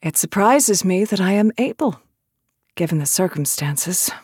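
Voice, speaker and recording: A woman's voice: lowish voice, lively intonation, unhurried, darkish tone, breathy edge, dry recording, studio quality. An actress playing a blunt, battle-weary woman general in an audiobook drama, plainspoken and direct. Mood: earnest.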